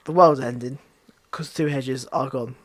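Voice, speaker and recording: A man co-hosting a podcast, reporting trivial news with deadpan mock outrage. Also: mid-range voice, unhurried. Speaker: podcast co-host. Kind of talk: casual banter.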